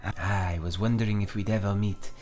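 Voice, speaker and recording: A refined older bookseller woman speaks in a put-on French accent, polite and measured, as a man reading game dialogue puts her on. Her voice sits fairly low and is kept soft and hushed, as if sharing a confidence. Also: fairly even intonation, soft background music, lightly acted.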